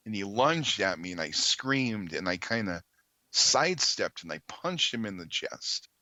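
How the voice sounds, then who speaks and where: A man, a podcast guest, earnestly telling a story in conversation, halting with many ums and restarts. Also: fairly low pitch, very animated, sharp tone, no room sound, dull audio.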